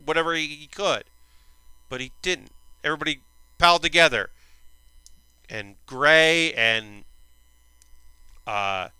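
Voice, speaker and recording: A man's voice: a little high, bright, forceful tone, smooth, no room sound, rough recording. A man hosting his own stream, chatting casually and enthusiastically through an anime recap, a little tired and yawning, with rambling fillers. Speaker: streamer and host.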